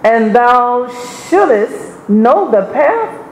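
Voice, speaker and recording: A congregant slowly reading old-style scripture verses aloud during a sermon. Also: mid-range voice, big pitch swings. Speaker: scripture reader. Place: church. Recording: echoey church with faint noise.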